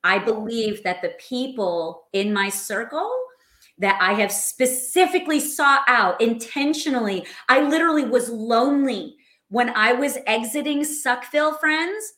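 A woman co-hosting a live stream, speaking in an animated, motivational way. Her voice sits a little high. She keeps turning to her listeners and calling them friends. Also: unhurried, reverberant. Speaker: co-host of a live show.

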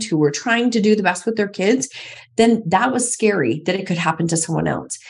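A middle-aged woman speaks candidly as a podcast guest, her voice gravelly with a husky edge. She tells her story emphatically and keeps circling back to the same phrases to drive a point home. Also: medium pitch, darkish tone. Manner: emphatic, repeats phrases for stress.

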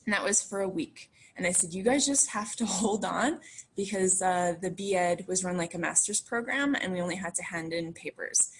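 A woman's voice: lowish voice, moderate pace, slightly rough. A woman in her thirties telling a story about giving birth to her twins in casual conversation. She talks in a chatty way, laughs often and acts out the voices of the people she quotes.

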